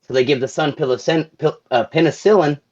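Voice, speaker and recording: A man with a fairly high voice chats casually on a podcast, swearing and correcting himself as he goes. The sound is muffled and lo-fi. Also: brisk, darkish tone. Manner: casual, swears, loses his place and restarts. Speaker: podcast co-host. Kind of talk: casual chat. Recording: dull lo-fi sound.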